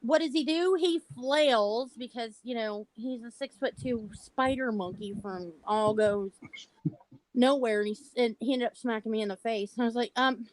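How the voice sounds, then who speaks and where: A middle-aged woman hosting a livestream over a video call, telling stories in a blunt, animated way and laughing often. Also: on the high side, moderate pace, no echo, rough recording. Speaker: livestream host. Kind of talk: casual chat.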